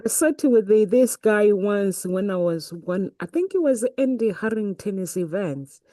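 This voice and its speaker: A woman's voice: mid-range voice, lively intonation, measured pace, warm tone, dry recording. A woman co-hosting a casual talk show, telling a story emphatically. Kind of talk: casual chat.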